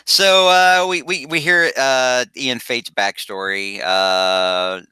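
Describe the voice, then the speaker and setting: A man's voice: mid-range voice, slow, bright, forceful tone, clean tone, no echo. A man hosting a casual podcast chat, rambling and interrupting himself as he sums up a story. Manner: rambling, self-interrupting, laughs while summarizing. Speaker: podcast host.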